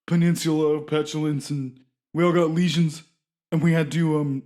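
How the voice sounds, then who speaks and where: A man's voice: a little high, little pitch movement, normal speed, warm tone, lightly acted. A man voicing a dim-witted male jock adventurer who hosts a talk show in character, rambling, goofy and hesitant during tabletop role-play.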